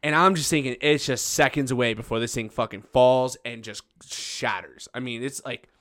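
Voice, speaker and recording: A man in his twenties, a podcast host, telling a story casually, laughing and loudly acting out what people said. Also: mid-range voice, normal speed, dry recording, studio quality. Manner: animated, laughing, acts out quotes loudly.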